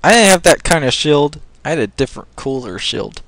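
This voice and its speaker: Excitable male gamer narrating his playthrough, jokey with panicked outbursts, bright high register. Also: brisk, no room sound. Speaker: gameplay commentator. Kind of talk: let's play commentary.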